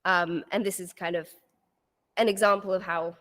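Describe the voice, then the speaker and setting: A young woman giving a university lecture, often lifting her pitch at the end of sentences. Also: steady tone, normal speed, a bit bright, in a large hall. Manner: rising intonation at the end of sentences. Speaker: guest lecturer.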